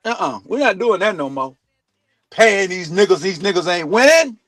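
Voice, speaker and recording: A man with a high voice rants about football on his own sports talk stream. He is blunt and profane, and he swings from loud bursts down to low asides. The sound is close and dry, with no room echo. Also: big pitch swings, normal speed. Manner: heated, blunt, swears a lot, swings loud and quiet. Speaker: sports talk show host. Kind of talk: profane sports opinion rant. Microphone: streaming mic.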